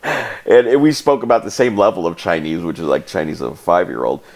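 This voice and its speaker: A man telling a travel story in a casual, animated way, laughing often and acting out the people he met. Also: low-pitched, a little fast, creaky. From United States. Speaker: travel vlogger.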